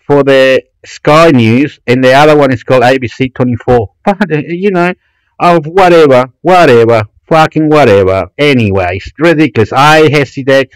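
A man's voice: medium pitch, normal speed, clear, resonant tone, no room sound, rough recording. Vlogger, guy, swears a lot, gushes and repeats himself, dry close sound. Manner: loud, profane, gushing and repetitive. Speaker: YouTube vlogger. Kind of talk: excited rambling screen commentary.

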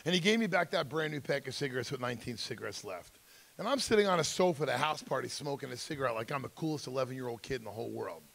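A man's voice: medium pitch, animated, very fast, gravelly, fairly bright tone. A middle-aged man speaking at a school drug seminar, telling his life story with intensity and acting out the voices of people in it. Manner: acts out quoted voices, emphatic, intense. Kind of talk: personal storytelling talk.

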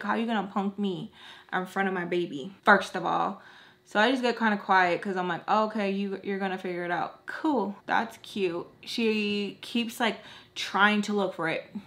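A young woman vlogger telling a storytime while doing her makeup, animated and slangy, acting out what people said in different voices. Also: medium pitch.

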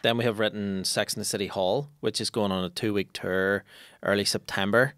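A man's voice: lowish voice, steady tone, fairly quick, fairly bright tone, smooth, no echo, studio quality. A man, co-hosting a casual podcast with a laid-back, wry manner and casual swearing. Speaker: podcast co-host and co-writer.

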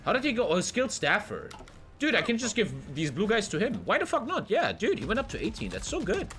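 A man giving casual, excitable gameplay commentary while he plays, swearing often and swinging between loud outbursts and low mutters. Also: a little fast, faint music behind. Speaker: gaming streamer.

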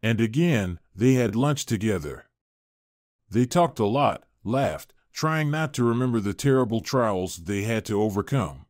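A man reading a scripted story aloud in a steady, even manner. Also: fairly low pitch, unhurried, no echo, studio quality.

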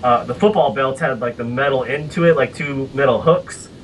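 A man's voice: mid-range voice, moderate pace, distant mic, slight background noise, rough recording. A man co-hosting a podcast, telling a childhood story with many hesitations. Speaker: podcast co-host. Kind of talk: casual storytelling over a call.

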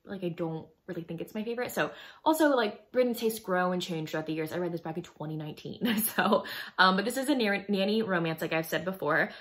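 A woman's voice: lowish voice, fast talker, fairly bright tone. A woman, chatting casually as a book reviewer, giggly and full of "like" fillers. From Texas. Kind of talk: casual chat.

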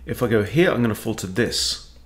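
A man's voice: fairly low pitch, animated, a little fast. A man who coaches chess, thinking aloud as he plays and talking to himself with wry asides. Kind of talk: thinking-aloud game commentary.

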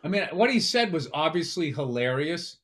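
High-voiced, teasing man on a podcast. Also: moderate pace. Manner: teasing, profane, animated storyteller who acts out voices. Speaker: podcast co-host. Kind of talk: casual comedic chat.

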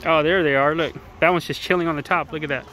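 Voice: medium pitch, fairly even intonation, quick pace, fairly bright tone. A parent casually narrating a family vlog outdoors, playfully encouraging a child and talking to viewers. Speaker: parent vlogging a family outing. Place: outdoor zoo. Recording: outdoor recording with crowd noise. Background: crowd of visitors.

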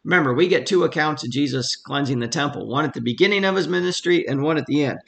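A man leads a relaxed Bible study from home in a fairly high, bright voice with a gravelly edge. He talks conversationally and then leans hard on the verses he reads aloud. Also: quick pace. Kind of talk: casual verse-by-verse Bible teaching.

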